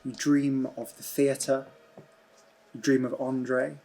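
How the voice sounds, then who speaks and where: A man narrating a tabletop role-playing game as game master, in slow, hushed, dreamy descriptions. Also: mid-range voice, little pitch movement, gravelly, faint music behind.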